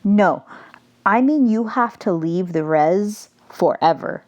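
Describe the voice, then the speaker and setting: A woman's voice: mid-range voice, animated, slow pace, darkish tone, muffled recording. A woman reading the lines of an earnest, troubled middle-aged male teacher in an audiobook, urgent and pleading.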